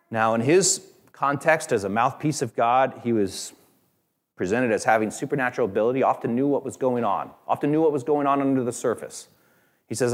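A man's voice: mid-range voice, lively intonation, fairly quick. A man preaching a Sunday sermon in a church, telling a story in an earnest, conversational way. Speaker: pastor.

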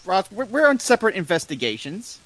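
A man's voice: sits high, very animated, brisk, fairly bright tone, rough recording. A man playing in a tabletop game, chatting in a jokey, laughing way. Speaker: player. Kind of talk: casual game-table chat.

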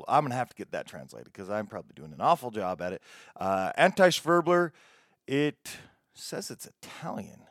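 A man's voice: on the low side, dry recording, clean studio sound. A man hosting a music show, talking casually, stumbling over foreign words and swearing offhandedly. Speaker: radio show host.

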